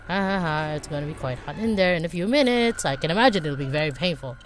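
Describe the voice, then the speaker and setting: A woman's voice: low voice, expressive, fast talker, slight background noise. A woman voicing a cruel male villain in a game, sneering and laughing mockingly. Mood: gloating.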